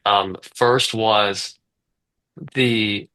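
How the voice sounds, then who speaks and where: A man in his twenties talks in a lower register with a bright, forceful edge. He rambles through a story in a casual podcast chat and keeps circling back with fillers and restarts. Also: steady tone, drawn-out words, poor audio. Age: 20s. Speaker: guest, business owner.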